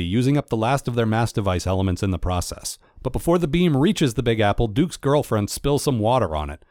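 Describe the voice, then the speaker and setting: A man talks through a cartoon episode as a comedic recap, full of sarcastic, wry asides. His voice sits at an ordinary middle pitch. The sound is dry and close, with no room echo. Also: expressive, fairly quick, darkish tone. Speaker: cartoon reviewer.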